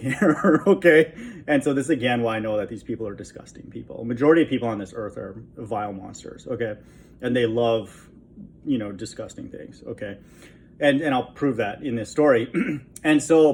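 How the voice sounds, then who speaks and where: A man at an ordinary middle pitch tells a story in a loose, rambling monologue. He sounds contemptuous and tacks "okay?" onto nearly every few lines. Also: darkish tone. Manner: rambling, repeats "okay?" constantly; scornful, contemptuous. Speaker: vlogger.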